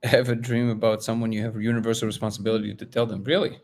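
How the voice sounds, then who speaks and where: A man from Russia hosting a casual live stream, reading viewer comments aloud and telling a story with lively, high-pitched quotes of other people. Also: rapid-fire. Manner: animated storyteller, jumps up in pitch when quoting others. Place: home, living in LA.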